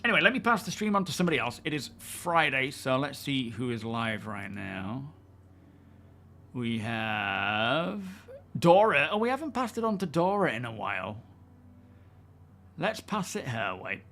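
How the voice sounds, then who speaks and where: A man's voice: medium pitch, measured pace, a little hiss or hum. Guy livestreaming games, easygoing rambly chat, lots of um and like, friendly to chat. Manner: rambling, relaxed, with many fillers; friendly, thanking viewers. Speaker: game livestreamer.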